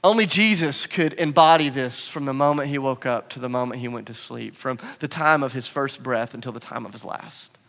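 A male pastor preaching a sermon, moving between loud, emphatic lines and hushed, quiet ones. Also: medium pitch, brisk, gravelly. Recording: long reverb of a large room.

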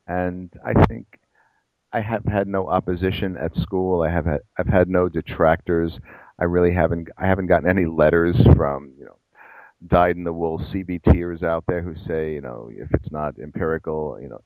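A man with a very low voice, recorded close and dry. He talks at length in an interview, circling back and restarting, and pokes fun at himself as he goes. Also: darkish tone, no room sound, rough recording. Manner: self-deprecating, rambling with restarts. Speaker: guest psychologist and professor. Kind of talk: podcast interview.

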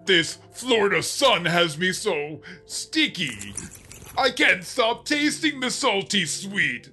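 A performer voicing a lazy, sardonic male house cat who drawls slowly and flatly in a comedic audio play. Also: mid-range voice, faint music behind, exaggerated voice. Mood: languid.

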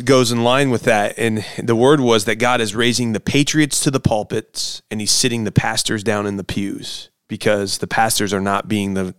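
A man's voice: lowish voice, smooth, dry recording. Male host, enthusiastic rambler, dry close recording. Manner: animated, enthusiastic, rambling with restarts. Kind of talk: casual conversation.

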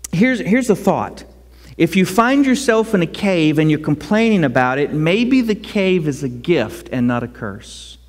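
A man preaching a sermon as pastor, conversational and animated, rising to loud cries. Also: on the high side. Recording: long hall reverb.

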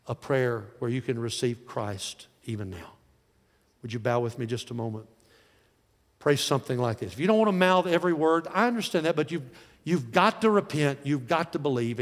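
A man of forty or older preaching a sermon in a folksy way, dropping to soft, slow lines and rising to loud calls. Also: medium pitch, long reverb tail. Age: 40s or older. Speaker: pastor.

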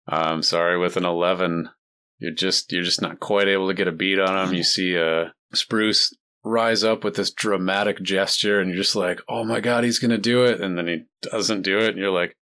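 Low-voiced man running a tabletop game. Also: normal speed, clear, resonant tone. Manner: relaxed, explains rules with fillers. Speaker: dungeon master.

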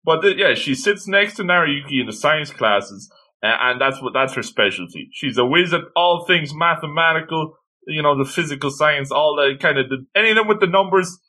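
A man's voice: a little high, lively intonation, normal speed, bright, forceful tone. A man co-hosting a casual podcast chat about a book, who chimes in often. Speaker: podcast co-host.

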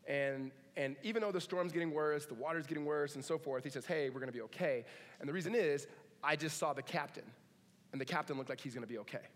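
A man preaching a sermon in a relaxed, conversational way, with joking asides and animated retellings of stories. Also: a little high, fast, in a large hall. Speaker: pastor.

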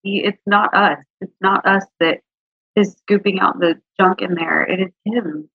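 A female interview guest speaks in a gravelly, husky, medium-pitched voice with fairly even intonation, a little slowly. Sharing her faith story, she's heartfelt and earnest, occasionally close to tears. The sound is dry, dull, and somewhat lo-fi.

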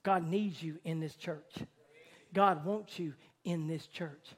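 A man pastor preaching a sermon, moving from hushed, tender passages to loud, rising fervor. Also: a little high, fairly even intonation, slow.

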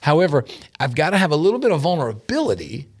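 Middle-aged man, fairly high voice, casual chat, animated, laughs a lot, acts out quotes. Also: quick pace, slightly rough. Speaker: podcast co-host.

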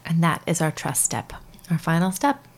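Gravelly woman cheering on her co-host. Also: deep voice, sing-song. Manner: encouraging, chimes in with quick affirmations. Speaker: podcast co-host. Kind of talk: casual chat.

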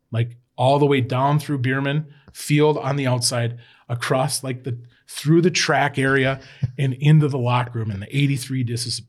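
Male guest recounting old sports days: loose, rambling, animated storyteller with mid-range pitch. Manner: rambling, animated, swears freely. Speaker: podcast guest, former college football player. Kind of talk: casual storytelling chat.

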